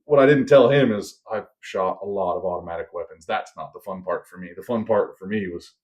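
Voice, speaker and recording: A man's voice: deep voice, fairly quick. A man co-hosting a podcast, telling a long story in a casual way and acting out the voices of the people in it. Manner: animated storyteller, acts out quoted voices. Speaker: podcast co-host.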